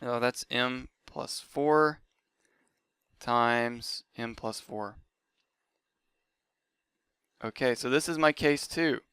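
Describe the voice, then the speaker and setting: A man's voice: medium pitch, extremely slow, pauses often, fairly bright tone, smooth, no room sound. A man teaching a math lesson, talking methodically through each step aloud. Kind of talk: lecture.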